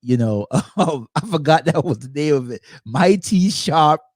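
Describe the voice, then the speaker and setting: A man's voice: mid-range voice, normal speed, a little mellow, no echo. A man hosting a casual movie review chat, talking in an easygoing way and telling personal anecdotes. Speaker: host.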